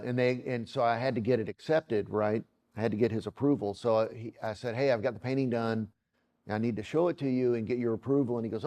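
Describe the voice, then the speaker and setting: A man's voice: medium pitch, a little mellow. A man, an illustrator, telling a rambling story and acting out the quoted dialogue in it. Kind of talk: casual anecdotal storytelling.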